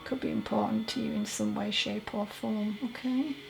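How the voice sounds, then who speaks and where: A woman giving a solo mediumship reading as a psychic medium, talking in a halting, chatty way and correcting herself as she goes. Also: mid-range voice, steady tone, creaky, over music, rough recording.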